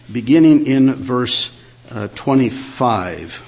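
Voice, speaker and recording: Guy preaching, kinda husky, earnest, lots of uhs and ums. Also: medium pitch, expressive, unhurried. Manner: earnest preaching with frequent "uh" and "um", reading scripture aloud. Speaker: pastor. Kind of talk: sermon.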